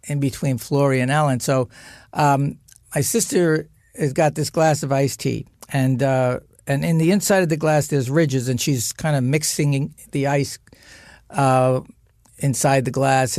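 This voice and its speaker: An older man telling an animated family anecdote on a podcast, acting out shouting relatives. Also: on the high side, dry recording, clean studio sound. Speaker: podcast guest. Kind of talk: storytelling anecdote.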